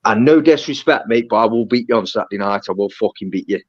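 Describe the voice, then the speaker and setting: A man's voice: fairly low pitch, fast, no echo. A young man, a boxer swearing and insisting again and again that he will win. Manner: swears constantly, insistent and repetitive. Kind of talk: heated pre-fight face-off. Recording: dull lo-fi sound, dry.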